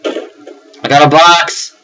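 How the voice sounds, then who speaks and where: A man's voice: a little high, steady tone, drawn-out words, sharp tone, slight background noise, low-quality recording. A young man giving nervous running commentary on a horror game, breaking into panicked repeated words and yelps. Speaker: let's play gamer.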